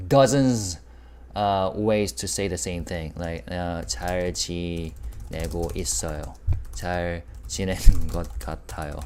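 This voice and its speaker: A man teaching a casual online language lesson. He is patient, repeats his examples, asks the viewers questions, and jumps up in pitch on key words. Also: slight background noise.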